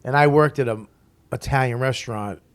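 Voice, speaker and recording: A man tells stories as a comedian guest in a relaxed interview, with plenty of swearing. He gets animated and acts out what other people said. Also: mid-range voice, a little fast. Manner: profane, animated storyteller who acts out quotes. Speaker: stand-up comic guest. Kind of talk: casual storytelling interview.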